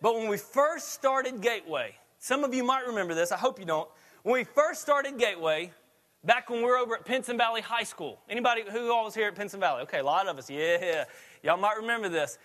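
Man, pastor preaching, chatty storyteller, laughs a lot, high bright voice. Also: animated, fairly quick. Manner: chatty, laughs while telling stories. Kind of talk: sermon.

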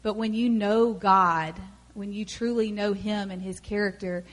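A woman speaking in a church talk, chatty and relaxed, with plenty of "you know" and "um" as she teaches. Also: mid-range voice, a little slow. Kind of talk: sermon.

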